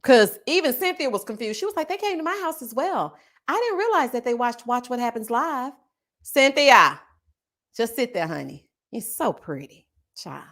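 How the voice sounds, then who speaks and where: Animated, sassy woman with a lilt. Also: on the high side, moderate pace. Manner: animated, sassy, frequent "honey" and "child" asides, laughs often. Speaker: YouTube reality TV commentator. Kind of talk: casual live-stream chat reading comments.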